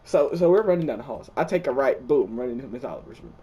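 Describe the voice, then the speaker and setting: A young man casually telling the story of a dream, excitable, swearing often and restarting his sentences. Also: mid-range voice, fast, slightly rough, muffled recording. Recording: distant mic.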